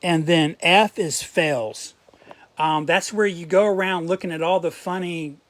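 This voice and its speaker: A man with a voice on the high side, speaking a little slowly with no room sound, rambles through his collection in a casual show-and-tell vlog. He's a collector vlogger who tosses in crude jokes and asides, and his throat sounds a little dry.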